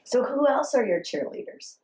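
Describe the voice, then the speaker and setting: A woman in her thirties, a mother telling her child's story in a documentary interview, speaking in a halting, personal way with pauses. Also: high voice, very animated, dark tone, rough recording.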